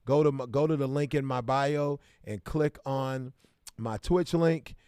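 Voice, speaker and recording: A man's voice: mid-range voice, a little slow, darkish tone, clean tone, dry recording, clean studio sound. A man from Kansas City, hosting a casual livestream and greeting viewers by name in bursts of hype. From Kansas City, American Midwest. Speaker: livestream host.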